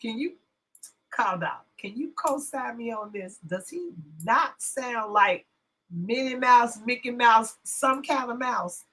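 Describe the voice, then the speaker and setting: A brash woman rants to her livestream chat. Her high, bright voice leaps and dips with lively swings, and she drawls along at an unhurried pace. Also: a little hiss or hum. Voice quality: brash, profane, swings from loud to hushed asides. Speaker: livestream host. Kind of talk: casual livestream rant.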